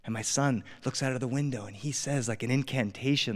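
A man performing a family story live for a studio audience, animated, shifting from loud bursts to whispers. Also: medium pitch, fairly quick, big-room sound.

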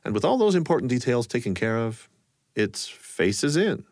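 A man's voice: medium pitch, sing-song, moderate pace, a little mellow, dry recording, clean studio sound. A male radio host, amused and chuckling easily, narrating from a script and asking his guest questions.

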